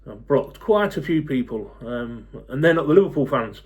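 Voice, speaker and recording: A man in his forties, talking to camera in a blunt, fed-up rant, swearing freely and pausing on lots of ums. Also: mid-range voice, lively intonation. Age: 40s. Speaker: football fan YouTuber.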